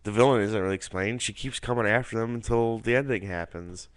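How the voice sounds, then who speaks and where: A man giving a casual, rambling film review monologue, swearing often and filling pauses with "like" and "um". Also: fairly low pitch, dry recording. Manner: rambling, profane, filler-heavy.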